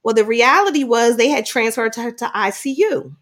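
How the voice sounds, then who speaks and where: A middle-aged woman telling a personal story in conversation, animated at times and quiet at heavy moments. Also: fairly high pitch. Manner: animated, acts out dialogue in quick bursts. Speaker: guest sharing a personal story.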